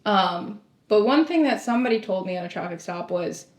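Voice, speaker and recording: A woman's voice: mid-range voice, fairly quick. A young woman, a former sheriff's deputy telling stories in a casual podcast chat and acting out the dialogue. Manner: animated storyteller, acts out quoted dialogue, laughs often. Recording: echoey room.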